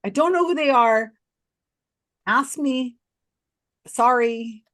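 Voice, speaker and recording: Animated woman telling a story. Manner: expressive, swings pitch widely when recounting others; talks in quick restarts and asides. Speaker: podcast guest. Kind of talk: animated storytelling in a casual interview.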